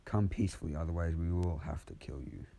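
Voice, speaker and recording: A man's voice: sits low, fast, creaky, mellow. A man voicing a stern, authoritative old male king of the gods in a fan-made spoken story. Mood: demanding.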